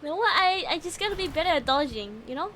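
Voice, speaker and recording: Very high-voiced excitable woman gamer. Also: fast, a little hiss or hum. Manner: excitable, yelps, swears and laughs often. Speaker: video game streamer. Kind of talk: live gaming stream commentary.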